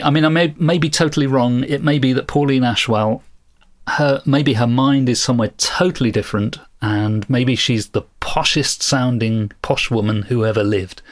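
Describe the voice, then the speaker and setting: Thoughtful man co-hosting a book podcast. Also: mid-range voice. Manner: thoughtful, self-deprecating, explains at length. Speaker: podcast co-host. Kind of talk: casual book discussion.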